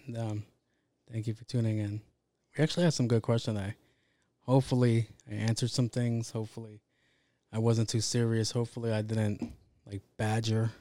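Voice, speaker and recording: A man's voice: on the low side, flat delivery, normal speed, mellow, dry recording. A man hosting a podcast, talking in a casual, rambling monologue full of swearing and self-interruptions. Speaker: podcast host.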